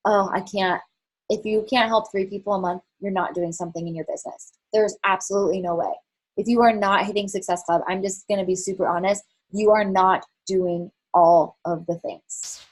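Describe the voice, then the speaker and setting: Her medium-pitched voice stays steady and moderately paced as she coaches her team. The network marketing fitness coach keeps it frank and casual, using lots of filler words and the odd curse in this motivational call.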